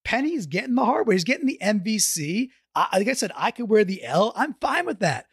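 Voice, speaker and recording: A man co-hosting a casual sports podcast, excitable and jokey, often restarting his sentences. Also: sits high, fairly quick, slightly rough, dry recording, studio quality. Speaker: podcast co-host.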